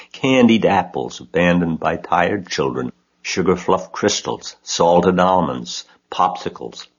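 A sly old sheep from a storybook, read by a man, savoring every word as she lists things slowly. The voice is very deep and husky, and the recording is dull and lo-fi. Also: heavily acted. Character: old sly female sheep, tempting talker.

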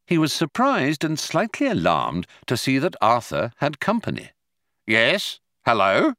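Male audiobook narrator, measured dry delivery, very lively pitch. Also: no room sound. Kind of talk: scripted narration.

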